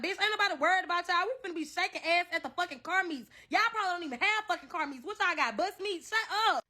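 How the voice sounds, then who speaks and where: Woman with a southern american accent, high bright voice, brash, taunting, swearing rant. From Southern United States. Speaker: social media commenter. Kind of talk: profane rant to camera.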